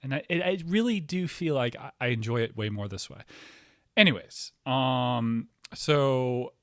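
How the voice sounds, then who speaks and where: A man hosting a casual podcast, rambling excitably with lots of fillers, restarts and swearing. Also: medium pitch, a little slow, dry recording, studio quality. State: hyper, excitable. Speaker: podcast host.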